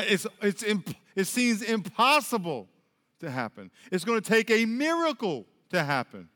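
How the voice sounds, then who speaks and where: A middle-aged male pastor with a high, bright-edged voice preaches from the pulpit in a spacious church. His delivery is animated and story-driven, full of restarts and quoted voices, and a long hall reverb trails every phrase. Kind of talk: sermon.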